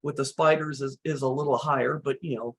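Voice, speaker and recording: Slightly hoarse woman chatting through recipes. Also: extremely low pitch, fairly quick. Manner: relaxed, chatty, many "you know" fillers. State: slightly hoarse, losing her voice. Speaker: host presenting recipes. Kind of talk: casual cooking chat.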